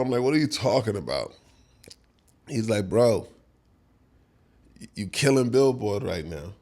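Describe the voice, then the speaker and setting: Animated New man telling a story. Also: lowish voice, measured pace, long pauses. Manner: animated storyteller who acts out quotes, laughs often. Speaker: songwriter guest. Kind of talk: casual storytelling interview.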